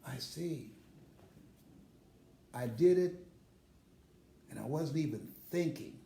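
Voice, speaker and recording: A man's voice: mid-range voice, expressive, slow, vocal fry, warm tone, roomy sound. An older man, a motivational speaker, telling personal stories in a casual live stream and laughing heartily as he talks.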